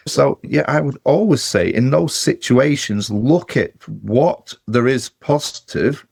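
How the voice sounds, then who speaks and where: A man who hosts a podcast and works as a therapist, speaking in a reflective, measured way and slowing down to stress his points. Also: medium pitch, expressive, vocal fry, a little mellow, slightly rough, dry recording, studio quality. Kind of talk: podcast interview.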